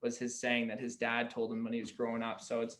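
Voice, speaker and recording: Young male guest, Canadian-raised pro athlete: even, flat delivery, candid and chatty. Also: mid-range voice, fast. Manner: candid storyteller, peppered with "like". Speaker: guest, pro lacrosse player. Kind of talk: casual podcast chat.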